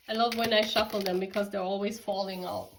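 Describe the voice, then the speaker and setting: A woman's voice: mid-range voice, poor audio. A woman from Germany giving a casual tarot reading, chatty and giggly, talking straight to her viewers. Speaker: tarot reader.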